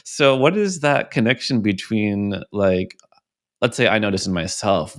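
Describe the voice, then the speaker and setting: A man hosting a podcast interview, relaxed and affirming, who asks long, rambling questions. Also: on the low side, measured pace. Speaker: podcast host.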